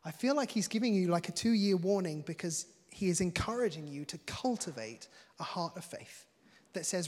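A man's voice: sits high, expressive, normal speed, a little mellow, big-room sound. A man preaching a sermon in an earnest, conversational way, often breaking into light laughter between points.

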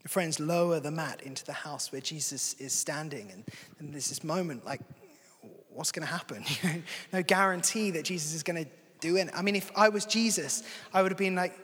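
Man, sermon, high voice, husky, long hall reverb. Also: normal speed, a bit bright. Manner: conversational and earnest. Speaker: preacher.

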